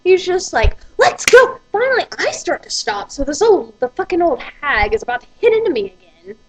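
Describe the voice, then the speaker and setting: A woman's voice: high voice, sing-song, fairly quick, poor audio. A woman, ranting profanely and with exasperation in a vlog. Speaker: vlogger.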